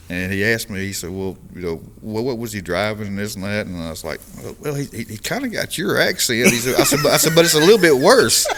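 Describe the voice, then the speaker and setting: A man's voice: deep voice, fairly bright tone, a little hiss or hum. A man in his forties from Louisiana with a Cajun accent, a guest trucker telling stories in casual chat, stumbling over repeated words and laughing often.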